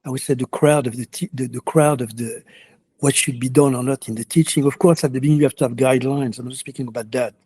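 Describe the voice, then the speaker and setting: Soft-spoken halting yogi with a mellow voice. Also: male voice, mid-range voice, fairly even intonation, breathy edge, no room sound. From France. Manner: halting, many restarts and fillers, earnest. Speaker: yoga teacher. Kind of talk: reflective interview answers.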